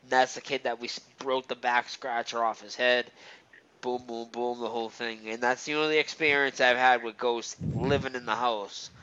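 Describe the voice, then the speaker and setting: A man's voice: medium pitch, fairly even intonation, moderate pace, bright, forceful tone, clean tone. A man telling a personal ghost story in casual chat, rambling, with lots of fillers and restarts. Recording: slightly dull, muffled recording.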